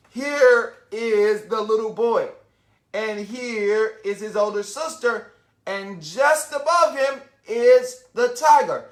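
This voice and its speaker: A man reading a picture book aloud to young children in an animated way, stopping often to ask them questions and wonder about the pictures. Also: high-pitched. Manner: animated, asks the listener questions and pauses to wonder.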